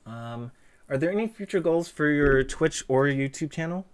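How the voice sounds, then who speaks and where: A man's voice: on the high side, lively intonation, normal speed, smooth. Guy hosting a twitch interview, dad jokes, bit stuffy nose, reads chat. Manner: jokey, self-deprecating, punny. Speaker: interview host reading chat. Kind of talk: casual livestream interview.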